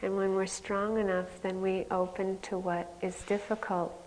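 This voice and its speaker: In the meditation hall of a retreat center, with long hall reverb and slight background noise, a woman meditation teacher gives a candid dharma talk. Her mid-range voice has a darkish tone and little pitch movement at a moderate pace, and her self-mocking stories often break into laughter.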